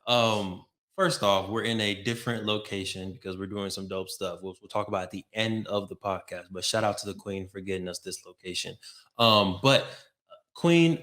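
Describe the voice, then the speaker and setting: A man's voice: fairly low pitch, fairly bright tone. A man hosting a health podcast, giving playful, hyped-up introductions and chatting casually. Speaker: podcast co-host.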